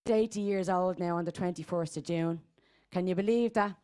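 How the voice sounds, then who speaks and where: A woman's voice: fairly low pitch, normal speed, dark tone, clean tone, close to an everyday voice. A woman doing Growler, a crude old Dubliner. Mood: bawdy. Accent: Dublin Irish. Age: 80s. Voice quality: crude, rambling, streetwise. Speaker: comedy character guest. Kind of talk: stand-up character monologue.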